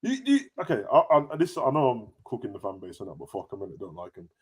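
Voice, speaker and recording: A young man, hosting a casual football chat with animated, slangy banter. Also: husky. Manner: animated, slangy, rapid banter with big pitch jumps. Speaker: football podcast host.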